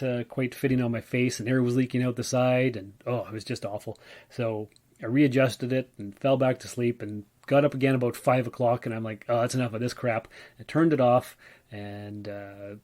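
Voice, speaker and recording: Guy rambling on his podcast, mid pitch, trips over his words a lot, chatty. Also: darkish tone. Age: adult, working mailman. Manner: rambling, stumbles over words, self-deprecating. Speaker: podcast host. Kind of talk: casual solo podcast monologue.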